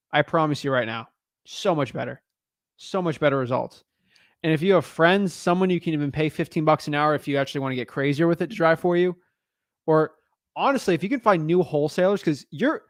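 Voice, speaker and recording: A man's voice: a little high, no echo, studio quality. A man coaching a newcomer on a call, blunt and frank, calling him man and dude. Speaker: real estate wholesaling coach.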